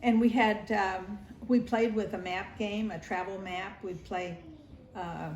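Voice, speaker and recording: An older woman with a medium-pitched, steady voice speaks unhurriedly in a family interview about her childhood. As a grandmother sharing memories, she tells them warmly and nostalgically, acting out family members' voices. The recording has a roomy echo and faint ambience.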